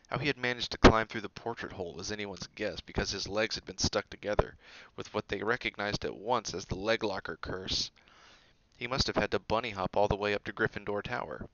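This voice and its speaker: A man with a low, gravelly voice and a bright, forceful edge reads a storybook aloud. His narration is steady and expressive. The recording is dull and dry. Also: a little fast, no room sound. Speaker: audiobook reader.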